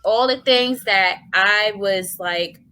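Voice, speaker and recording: A woman's voice: mid-range voice, slow, pushed and bright, rough recording. A woman, a guest in an interview, telling a heartfelt personal testimony in colloquial speech with many fillers.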